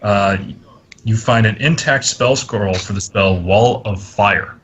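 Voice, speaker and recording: Husky low guy running a tabletop game, casual and jokey. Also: slow pace, fairly bright tone, lo-fi sound. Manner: casual, joking, laughs at the table. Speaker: game master.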